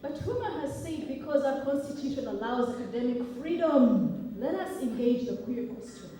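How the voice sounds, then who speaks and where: A woman's voice: high-pitched, expressive, moderate pace, warm tone, a little hiss or hum. Impassioned young woman from Uganda speaking in an echoey hall. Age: young adult. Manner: rhetorical, emphatic, with frequent "okay?" asides. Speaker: academic speaker. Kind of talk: impassioned public speech. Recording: echoey hall recording from far off.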